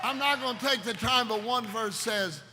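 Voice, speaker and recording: Fervent shouting preacher in a big hall. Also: male voice, very high-pitched, moderate pace, noisy background. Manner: fervent, bursts into shouts, talks straight to the crowd. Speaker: preacher and worship musician. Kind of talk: live sermon. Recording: long reverb in a big hall, faint ambience.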